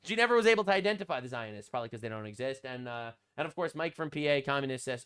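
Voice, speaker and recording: A man hosting a commentary channel, talking in a mocking, deadpan sarcastic way with frequent fillers. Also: mid-range voice, very fast, few pauses, clean tone.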